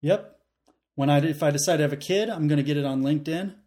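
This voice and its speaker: A man co-hosting a casual sports podcast, riffing with deadpan jokes. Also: on the high side, fast talker. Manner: jokey, deadpan riffs. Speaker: podcast co-host.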